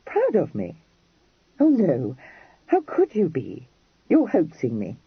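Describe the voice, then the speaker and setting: A man voicing an impulsive young Regency lady for an audiobook, high and breathless, her pleading lines swooping all over. The voice is husky, and the recording is dry and dull. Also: wildly swooping pitch, slow, no room sound, full character voice. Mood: earnest.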